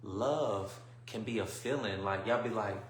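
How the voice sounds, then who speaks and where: A man hosting a livestream and delivering an emphatic, preachy monologue, often checking whether listeners follow him and swinging between quiet musing and loud bursts. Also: on the low side, unhurried, roomy sound. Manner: emphatic, keeps asking "you see what I'm saying". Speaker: livestream host.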